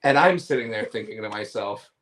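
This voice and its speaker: A man's voice: fairly low pitch, expressive, brisk, fairly bright tone, poor audio. A man hosting a casual chat show, retelling clips in a rambling way with lots of fillers. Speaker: host.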